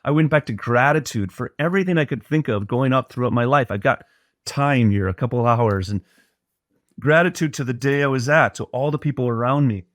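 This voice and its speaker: A middle-aged man tells a personal story as a podcast guest. He speaks at a mid pitch, earnest and reflective, and often restarts his sentences. The recording is close and dry. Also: brisk, dry recording.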